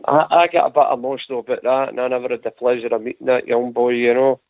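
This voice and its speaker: A man's voice: medium pitch, steady tone, fast talker, no echo. Scottish man hosting over a phone line. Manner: earnest, rambling, repeats phrases. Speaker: host of a fan radio phone-in. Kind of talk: casual fan radio chat. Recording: dry tinny phone-line audio.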